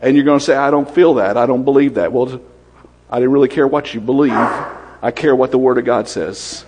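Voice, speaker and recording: A man preaching a sermon, quick-fire and lively, often asking questions of the congregation. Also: mid-range voice, big-room sound, noisy background.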